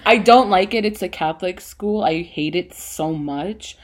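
A teenage girl co-hosting a casual podcast, bubbly and laughing, swinging between excited bursts and mumbles. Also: fairly low pitch, unhurried. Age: teens. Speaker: podcast co-host. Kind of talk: casual chat.

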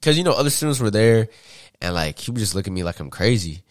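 A young man from Atlanta, a podcast guest, telling stories in a casual, slangy, animated way and laughing often. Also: lowish voice, fast talker, no room sound, studio quality. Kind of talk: casual storytelling.

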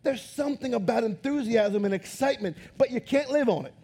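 A man preaching a lively sermon as pastor in a church, talking loud, excited and animated. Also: extremely high pitch, brisk, husky. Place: church auditorium.

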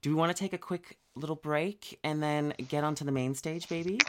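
A man hosting a podcast in a casual, animated, chatty way, laughing easily. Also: on the high side, a little fast, noisy background. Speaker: podcast host.

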